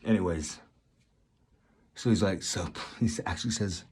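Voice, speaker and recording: A man vlogging a casual movie review, rambling and excited, often repeating himself. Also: low voice, moderate pace, pauses often, breathy edge.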